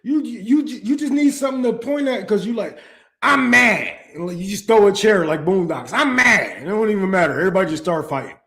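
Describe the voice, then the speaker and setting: A man with a high-pitched voice hosts a livestream show. He rants hard, swears freely and turns sarcastic as he argues his point. It is a fired-up, talk-show monologue. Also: animated, fast talker, hardly any pauses, darkish tone. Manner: profane, fired-up, sarcastic ranting. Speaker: stream show host. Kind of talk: heated livestream rant.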